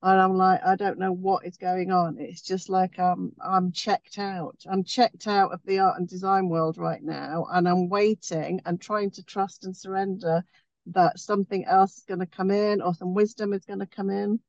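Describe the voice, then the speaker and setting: Gravelly, uncertain caller on dull call audio. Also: medium pitch, little pitch movement, normal speed, no room sound. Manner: uncertain, searching. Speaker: participant asking a question. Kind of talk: casual question on a video call. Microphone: video call.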